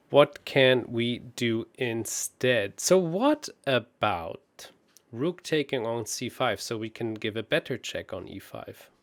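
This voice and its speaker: A man working through chess puzzles aloud as a guest, hesitant and quick to laugh at his own mistakes. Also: mid-range voice. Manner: calculates aloud, hesitant and self-deprecating. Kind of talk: thinking aloud while solving puzzles.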